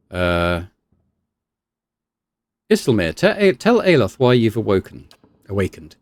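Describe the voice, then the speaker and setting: A man's voice: lowish voice, expressive, moderate pace. A man hosting a let's play, reading the game's text aloud with wry asides and some hesitations. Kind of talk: reading game text and commenting.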